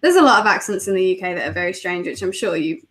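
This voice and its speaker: A woman's voice: lowish voice, expressive, very fast, fairly bright tone. A British woman talking as a podcast guest, playful and self-mocking, laughing often. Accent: British English. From England. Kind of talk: casual chat.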